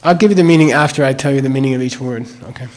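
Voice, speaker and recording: An older man teaching the sounds and meaning of a mantra, spelling words out and checking in with "okay?" after each point. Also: mid-range voice. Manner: slow and deliberate, repeats words and checks with "okay?".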